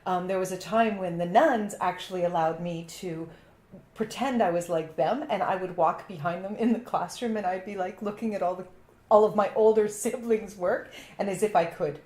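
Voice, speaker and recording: A woman's voice: medium pitch, darkish tone. Chatty woman host, echoey room. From Canada. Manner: chatty, tells quick personal anecdotes. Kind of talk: conversational interview.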